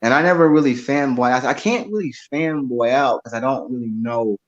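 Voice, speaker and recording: A man in his twenties, a drummer, telling stories in a casual interview, animated and repeating his words. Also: medium pitch, a little fast, highs cut off. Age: 20s. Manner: animated storyteller, repeats words, acts out quoted voices. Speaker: drummer and guest.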